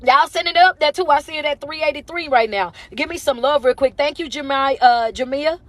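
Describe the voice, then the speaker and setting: A woman's voice: sits high, a little fast, no room sound. A woman giving a motivational talk on a phone livestream, as a life coach, with an emphatic, repetitive, preacher-like cadence. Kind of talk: motivational live stream talk.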